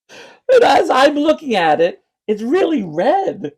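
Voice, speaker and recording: A podcast host telling a family story in casual chat, laughing often and acting out others' lines with sudden shifts. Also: slow pace. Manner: animated, acts out family members' lines with big pitch jumps; laughs often mid-story, stammers and restarts.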